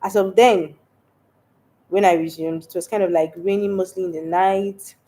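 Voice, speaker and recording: A woman's voice: fairly low pitch, fairly even intonation, normal speed, mellow. A young Nigerian woman with a stuffy, congested voice from a cold, chatting casually on a livestream and laughing often. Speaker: livestream host. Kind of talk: casual livestream chat reading comments.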